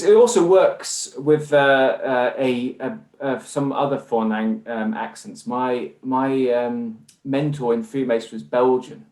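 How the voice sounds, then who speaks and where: A man's voice: mid-range voice, darkish tone. Earnest English man in a roomy room. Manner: earnest and discursive. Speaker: guest. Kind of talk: conversational interview. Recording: roomy echo.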